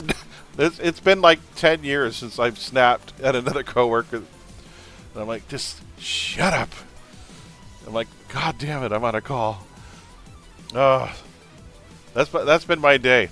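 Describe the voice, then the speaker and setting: While playing a superhero game on stream, this man chats with his audience and teammates in a blunt, talkative way, laughing as he vents his frustrations. He speaks in a mid-range voice with a touch of brightness.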